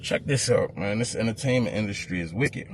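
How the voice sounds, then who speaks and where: A man, an event promoter telling a story to camera as a profane, heated rant that grows louder. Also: on the low side, brisk, slight background noise.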